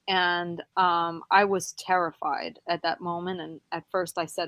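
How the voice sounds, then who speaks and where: Here a young female podcast guest shares a personal ghostly encounter, hesitant at first but animated when repeating her own words. Her pitch is fairly low, and the recording has no echo.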